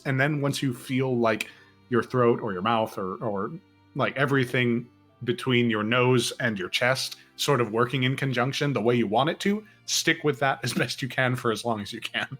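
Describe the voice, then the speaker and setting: A man's voice: mid-range voice, moderate pace, fairly bright tone, faint music behind. A man co-hosting a casual chat about playing characters as a game master, talking in a rambling, thoughtful way. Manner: rambling, thoughtful, full of fillers and restarts.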